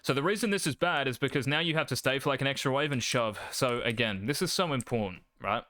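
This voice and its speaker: A young man talks through gameplay as a coach, brash and sure of himself, swearing freely. His voice is bright and forceful, crisp and smooth, and it sits close and dry with no room around it. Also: medium pitch, fast, no room sound. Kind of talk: casual gameplay coaching commentary.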